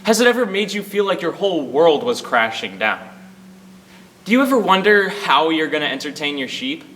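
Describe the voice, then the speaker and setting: A man's voice: fairly high pitch, big pitch swings, normal speed, a bit bright, far from the mic, slight background noise. A young man introducing his competition piece with earnest rhetorical questions. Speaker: student competitor. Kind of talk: speech tournament introduction.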